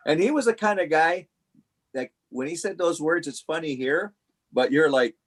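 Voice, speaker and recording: A man telling a story on a casual podcast, animated and laughing as he goes. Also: fairly high pitch, normal speed.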